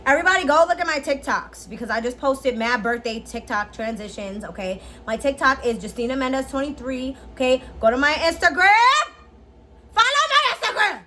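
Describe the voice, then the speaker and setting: Young woman vlogger, high-pitched, chatty and animated, slangy casual delivery. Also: brisk, few pauses, slight background noise. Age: 20s. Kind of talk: casual tutorial chat.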